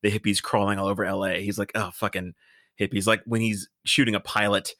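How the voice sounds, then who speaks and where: A man's voice: fairly low pitch, little pitch movement, quick pace, a bit bright, dry recording, studio quality. A man co-hosting a podcast, talking casually about a film with hesitant restarts. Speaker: podcast co-host.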